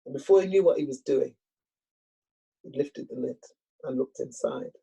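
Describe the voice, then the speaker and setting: Gravelly, husky woman storyteller. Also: very deep voice, normal speed, mellow, poor audio. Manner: dramatic and rhythmic, with repetition. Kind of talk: oral folktale telling.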